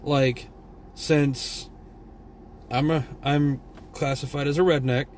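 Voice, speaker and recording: A man's voice: on the high side, fairly even intonation, takes it slowly, darkish tone, slight background noise. A tired man from Texas with a Southern drawl, vlogging a blunt, profane, rambling rant. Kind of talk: casual opinion rant.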